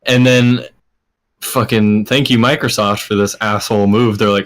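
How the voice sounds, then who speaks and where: A man co-hosting a casual gaming podcast over voice chat, blunt and quick to swear and laugh. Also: on the low side, fairly even intonation. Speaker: podcast co-host.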